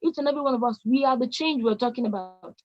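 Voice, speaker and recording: A young Nigerian woman in her late teens delivers a motivational speech with emphatic, repeated exhortations. Her voice sits high. The recording is muffled and lo-fi. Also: fast. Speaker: youth speaker.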